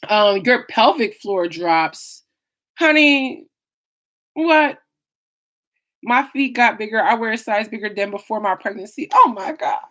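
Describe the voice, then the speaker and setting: A young woman hosting a casual livestream, reading viewer comments aloud and reacting in a chatty, expressive way. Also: medium pitch. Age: young adult. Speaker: YouTube live streamer.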